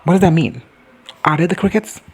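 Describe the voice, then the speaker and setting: A man's voice: fairly high pitch, lively intonation, fairly quick, gravelly, darkish tone, breathy edge. A young man recapping a TV episode in a profane, chatty comedy style, jumping in and out of silly character voices. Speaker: reaction video host.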